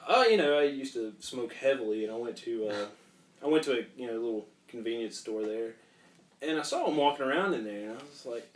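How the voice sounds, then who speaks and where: A man's voice: mid-range voice, fast. A young man in casual podcast chat, telling a story while laughing and swearing freely. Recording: echoey room, mic at a distance.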